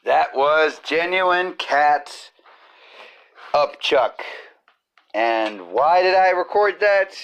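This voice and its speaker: A man whose voice is a little high and fairly bright hosts a comedy podcast from his home kitchen as cooking goes on. He rambles through profane jokes in a crude comedic monologue.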